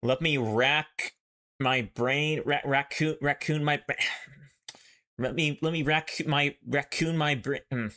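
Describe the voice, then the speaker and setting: A man's voice: a little high, steady tone, slow pace, bright, forceful tone. A man casually commenting on his own gameplay, playful and jokey, talking to himself and hunting for puns. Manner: playful, jokey, talks to himself while playing. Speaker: let's play host. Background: game music.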